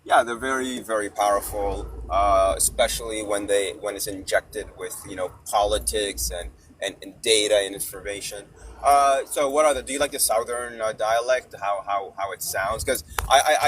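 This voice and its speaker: A man with a fairly low voice chats casually and rambles through his points, laughing along the way. His words come in animated bursts with plenty of restarts. A faint noise sits behind him. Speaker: podcast host. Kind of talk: casual chat. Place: parked car outdoors.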